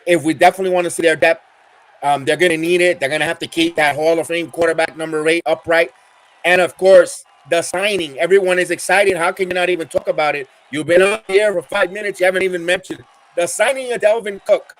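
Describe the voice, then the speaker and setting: A middle-aged man with a Bronx New York accent, hosting a live football watch-along stream as an excitable, chatty fan. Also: on the high side, quick pace. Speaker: podcast host.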